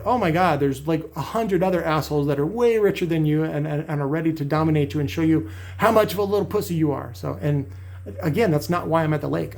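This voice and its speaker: A man's voice: on the high side, vocal fry, darkish tone. A middle-aged man ranting bluntly and profanely to his viewers in a vlog. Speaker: channel host. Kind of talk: angry vlog rant.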